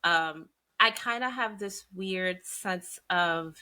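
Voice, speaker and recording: A woman with a Southern accent hosting a podcast in casual chat, bubbly and animated, acting out quotes as she tells stories. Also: fairly low pitch, takes it slowly. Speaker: podcast host.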